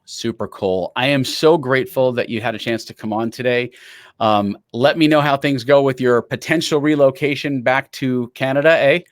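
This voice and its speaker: A man's voice: medium pitch, no echo. Casual podcast host guy, storytelling, dry close mic, mid voice. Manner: chatty, anecdotal, quick to laugh. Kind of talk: casual interview chat.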